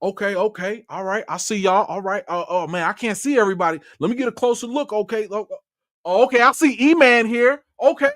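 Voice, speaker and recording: A relaxed, friendly film director with an Oakland accent, as a man puts him on, pitched higher than the man's own voice. He sounds easygoing and keeps repeating himself as he greets people on a video call. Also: fairly quick, dry recording, studio quality.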